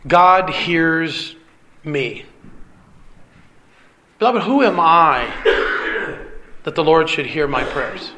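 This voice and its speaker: A man preaching an earnest sermon with a hoarse, strained voice, often clearing his throat and asking rhetorical questions. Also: on the high side, bright, forceful tone. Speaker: pastor. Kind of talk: expository sermon.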